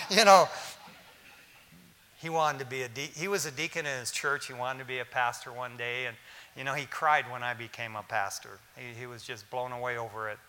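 A man's voice: medium pitch, fairly even intonation, brisk, bright, forceful tone. A male pastor preaching a sermon, telling stories in a casual, slangy way between fervent exhortations. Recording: hall reverb.

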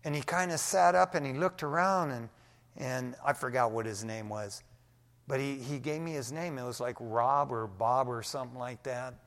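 An older man preaching a sermon, telling a testimony in an animated, folksy way and often dropping "man" into his sentences. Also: medium pitch, moderate pace. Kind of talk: storytelling sermon. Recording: long hall reverb.

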